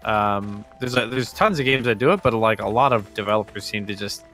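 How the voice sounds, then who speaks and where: A man's voice: lowish voice, a little fast, music in the background. A young man chatting casually while playing a game with friends, rambling with lots of fillers. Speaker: co-player. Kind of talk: casual gaming chat.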